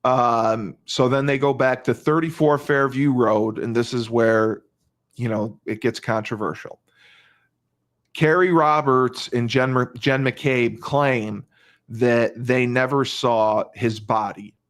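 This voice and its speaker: A man's voice: medium pitch, steady tone, takes it slowly, fairly bright tone. A male podcast host retelling a crime case in casual talk, emphatic, repeating phrases and restarting often.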